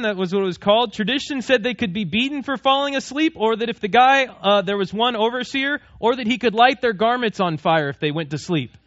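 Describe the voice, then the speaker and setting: A man's voice: high voice, fairly bright tone, no echo, lo-fi sound. A man in his thirties, a pastor, preaching a sermon in a conversational way, asking the congregation questions and joking with them.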